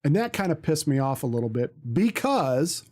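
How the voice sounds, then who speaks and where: A man's voice: on the high side, sing-song, moderate pace, a little mellow. A man, a streamer, telling a story in casual chat, rambling with many ums and restarts.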